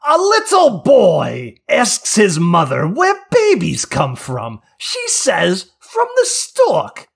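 A man doing an impression of a shrill, shouting comedian telling crude jokes on a podcast. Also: huge pitch swings, slow, creaky, breathy edge, full character voice. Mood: screeching.

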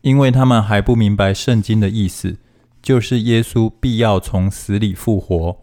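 A man reading Bible passages aloud in a steady, formal manner, phrase by phrase. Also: lowish voice, moderate pace. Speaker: scripture reader.

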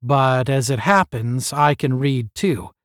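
A man's voice: very animated, a little fast, no room sound, studio quality. A man reading as a stern, sarcastic space captain. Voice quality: deep. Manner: barking, clipped commands.

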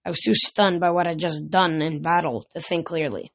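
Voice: medium pitch, steady tone, moderate pace, creaky, dry recording. An amateur reader casually reading a novel aloud, often tripping over words and correcting them. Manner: stumbles and corrects words mid-sentence.

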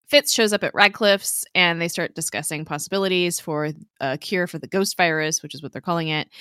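Young woman gabbing about a tv episode, giggly, bright voice, dry mic. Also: mid-range voice, clean tone, dry recording. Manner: chatty, giggly, quoting characters in quick voices. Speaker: podcast co-host recapping a TV episode. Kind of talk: casual chat.

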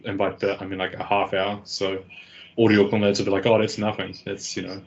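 A man's voice: sits low, monotone, brisk. A man hosting a casual podcast, laid-back and rambling, swearing freely. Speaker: podcast host. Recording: dull lo-fi sound.

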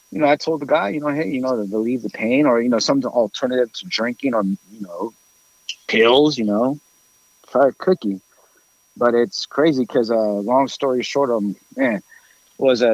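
A man's voice: mid-range voice, dry recording, muffled recording. Rambling man telling a story with fillers. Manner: rambling, many fillers, animated quotes. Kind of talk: casual storytelling chat.

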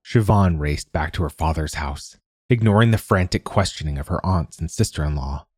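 A male audiobook narrator reads a fantasy story with measured pacing. His voice sits low and husky, with a close, dead, booth-dry sound. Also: a little mellow, dry recording. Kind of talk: scripted narration.

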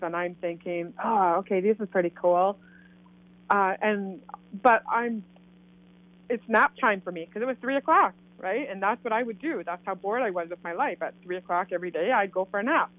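A woman from Canada telling a personal story in a casual, animated way, acting out what people said. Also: mid-range voice, normal speed, dry recording. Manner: animated, acts out quoted dialogue. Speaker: guest telling her story. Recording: tinny phone line, dry.

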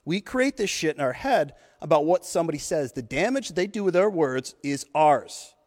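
A man's voice: a little high, expressive, moderate pace, a little mellow. A man in his thirties hosting a podcast, delivering an intense, profane motivational monologue. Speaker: podcast host. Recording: long hall reverb.

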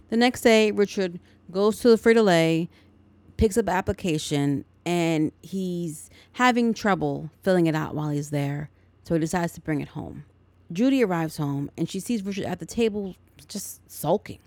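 A woman's voice: on the low side, expressive, normal speed, a little mellow, no room sound. A woman podcast host casually recapping a film plot, chatty and full of her own asides. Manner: chatty, editorializing.

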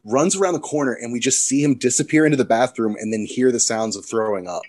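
A man's voice: medium pitch, fast talker, a little mellow. A man co-hosting a podcast, telling a personal anecdote in casual chat and laughing between lines. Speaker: podcast co-host.

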